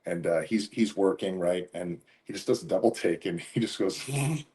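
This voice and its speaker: A man being interviewed as a guest, telling relaxed stories in casual conversation and often laughing while he talks. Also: sits low, normal speed. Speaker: interview guest, professional wrestler.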